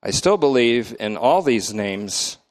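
A man's voice: medium pitch, expressive. Emphatic older man teaching a Bible study. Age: middle-aged or older. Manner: emphatic, defines terms slowly word by word. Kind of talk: lecture-style Bible study.

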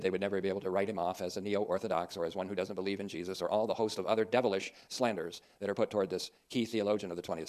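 A man's voice: deep voice, a little mellow. A man preaching a sermon in an earnest, emphatic way, with dry asides.

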